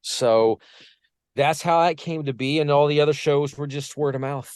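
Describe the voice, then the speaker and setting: His voice leans high, with a clean tone and a moderate pace, in a dry, studio-quality recording. The speaker is a vocal coach from Portsmouth who joins a podcast as a guest for a casual storytelling interview. He tells animated anecdotes and mimics the voices of people in them.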